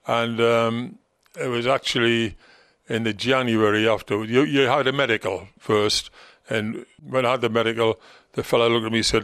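A man's voice: medium pitch, fairly even intonation, brisk, a bit bright, smooth, no echo, studio quality. Older Geordie man telling stories. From North East England. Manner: chatty storyteller with fillers and dialect words. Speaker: interview guest, former football manager. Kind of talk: reminiscing interview.

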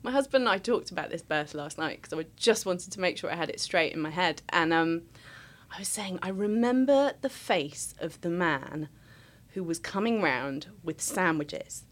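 Woman in her 30s chatting on a podcast, animated storyteller, acts out the quotes. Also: on the low side, normal speed. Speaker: podcast guest, writer and performer. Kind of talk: casual anecdotal chat.

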